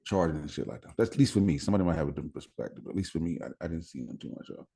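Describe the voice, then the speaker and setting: A man's voice: very deep voice, expressive, racing, creaky, dark tone, slightly rough. A man on a casual podcast panel, talking hesitantly with many fillers and chuckles.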